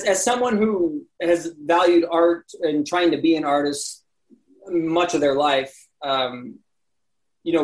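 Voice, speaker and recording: A man on a podcast telling a story in a relaxed, chatty way. His voice sits a little high. He slips into other people's voices for quotes and laughs easily. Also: rough recording. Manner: animated storyteller, acts out quotes, laughs often. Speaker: podcast guest, landscape photographer. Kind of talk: casual storytelling interview.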